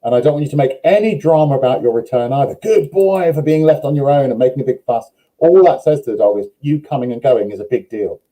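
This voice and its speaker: A man, a dog trainer, explaining step by step in a steady, instructive way during a live online question session. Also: medium pitch, quick pace, low-quality recording.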